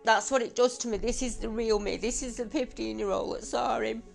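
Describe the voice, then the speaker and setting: A woman in her fifties giving emotional, halting testimony as an eyewitness, her voice choking up and tearful. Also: on the high side, steady tone, creaky, soft background music. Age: 50s. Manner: halting, emotional, repeats herself. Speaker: eyewitness interviewee, researcher.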